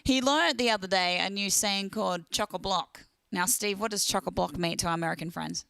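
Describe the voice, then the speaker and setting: A woman's voice: medium pitch, a little fast, vocal fry, fairly bright tone, clean tone, dry recording. A young woman hosting a casual livestream, chatting and greeting viewers one by one by name.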